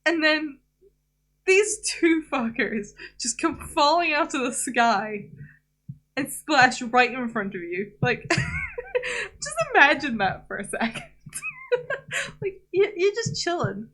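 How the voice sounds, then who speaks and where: Giggly high-voiced woman streamer. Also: wildly swooping pitch, takes it slowly, long pauses, fairly bright tone. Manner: giggly and playful, breaking into laughter. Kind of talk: casual gameplay commentary.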